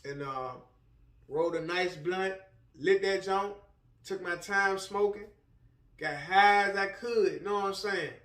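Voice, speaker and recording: High-voiced man, roomy echo. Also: measured pace, fairly bright tone. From Richmond, Virginia. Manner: slangy, conversational, many "you know what I'm saying". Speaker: author and speaker, minister. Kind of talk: casual motivational testimony. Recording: roomy, somewhat distant mic.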